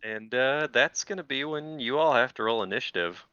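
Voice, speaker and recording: A man narrating a tabletop game as game master, relaxed and a little hesitant, with fillers. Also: medium pitch, normal speed, smooth, no room sound, dull audio.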